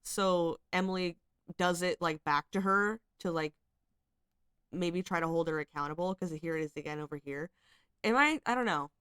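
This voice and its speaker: A woman's voice: lowish voice, moderate pace, fairly bright tone, smooth, dry recording, studio quality. A woman giving casual, rambling commentary as she reads screenshots, hedging a lot and sounding exasperated and critical. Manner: rambling, hedging with frequent fillers. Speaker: commentary channel host.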